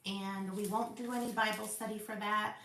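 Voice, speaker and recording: A woman hosting a Bible study, reading scripture aloud carefully and deliberately, now and then stumbling over a word and correcting herself. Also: mid-range voice, little pitch movement, a bit bright, a little hiss or hum. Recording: roomy echo.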